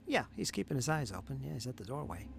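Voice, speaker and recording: A man running a tabletop game as game master, describing scenes in a calm, easy way. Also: mid-range voice, fast, creaky, soft background music.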